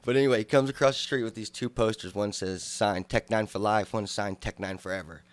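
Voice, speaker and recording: A man, co-hosting a podcast and telling a wild story in a loud, profane, animated way. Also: fairly low pitch, fairly quick, no echo. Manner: animated, profane storytelling, acting out drunk shouts. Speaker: podcast co-host. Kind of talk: casual storytelling chat.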